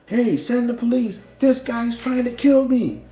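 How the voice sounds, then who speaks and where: A man's voice: high voice, a little slow, creaky, reverberant, lo-fi sound, voice pushed up. A man voicing an angry male bus driver who barks curt orders. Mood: panicked.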